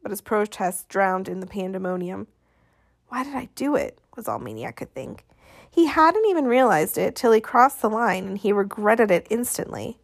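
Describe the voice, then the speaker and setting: A woman reads a novel aloud in an expressive storytelling manner, acting out the characters as she goes. Her voice sits at a middle pitch, recorded close and dry. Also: dry recording. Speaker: audiobook narrator. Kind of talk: scripted narration.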